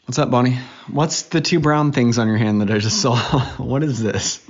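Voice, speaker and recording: A man's voice: mid-range voice, normal speed, highs cut off. A man in his thirties, a podcast host chatting casually and teasingly with his young daughter at home. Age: 30s. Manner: playful, teasing, joking.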